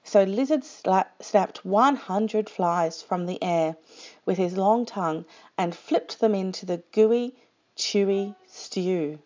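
A woman reading a children's picture book aloud with slow, expressive storytime delivery. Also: medium pitch, lo-fi sound.

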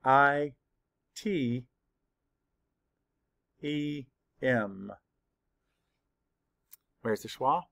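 Slow, gravelly-voiced teacher man. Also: mid-range voice, a bit bright, no echo. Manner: slow, patient spelling-out of letters. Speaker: third-grade teacher. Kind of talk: slow spelling lesson for children.

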